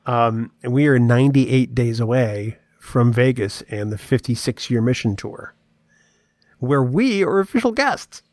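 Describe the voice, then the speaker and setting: A man's voice: medium pitch, lively intonation, a little slow, darkish tone, dry recording, clean studio sound. Teasing, wry podcast producer, a man. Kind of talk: casual chat.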